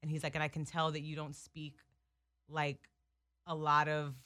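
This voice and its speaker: Bright-voiced young woman telling a story. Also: sits low, normal speed. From New Jersey. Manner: animated, sprinkles "like" often, laughs while telling. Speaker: podcast co-host. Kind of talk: casual storytelling chat.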